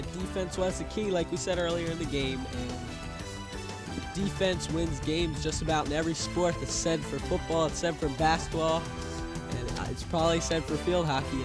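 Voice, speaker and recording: A young man giving color commentary on a school field hockey game, talking in halting runs with restarts. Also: a little high. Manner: halting, many restarts and fillers. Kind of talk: live sports commentary.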